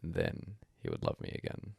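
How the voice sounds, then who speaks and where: A man reading a bedtime story aloud as a hushed, breathy first-person monologue. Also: very deep voice, wildly swooping pitch, brisk, dry recording, clean studio sound. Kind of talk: soft-spoken story reading.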